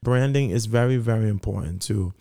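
A middle-aged man tells his story in an interview, his voice low and mellow. He talks earnestly, repeats phrases for emphasis, and acts out the voices of people he quotes. The sound is close and dry. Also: brisk, vocal fry, no room sound. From Brooklyn, New York. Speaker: founder of a sneaker charity.

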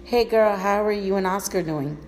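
A woman's voice: mid-range voice, normal speed, a little mellow, natural voice. A woman voicing a bubbly, teasing young female roommate in a read-aloud story. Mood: cheerful.

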